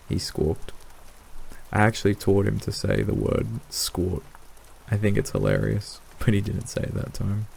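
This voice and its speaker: A man calmly narrating a horror story meant for falling asleep. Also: lowish voice, measured pace, creaky, husky, low-quality recording. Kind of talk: scripted narration of horror stories for sleep.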